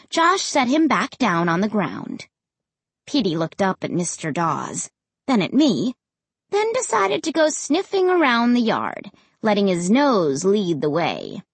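Expressive woman reading a story aloud. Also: medium pitch, slightly rough, dry recording. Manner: expressive, animated. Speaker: audiobook reader. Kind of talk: scripted first-person story narration.

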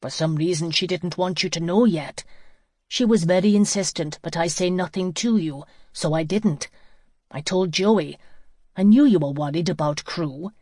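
A woman reading an audiobook and voicing an honest teenage boy who speaks forcefully and reproachfully. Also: on the low side, moderate pace, dry recording, studio quality, close to an everyday voice. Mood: indignant.

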